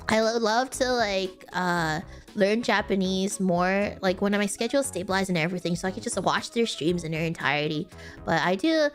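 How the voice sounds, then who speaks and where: A woman chatting casually as a streamer, rambling with lots of fillers and restarts, giggling often and apologizing for mispronouncing names. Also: mid-range voice. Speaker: streamer answering viewer questions. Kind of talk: casual chat.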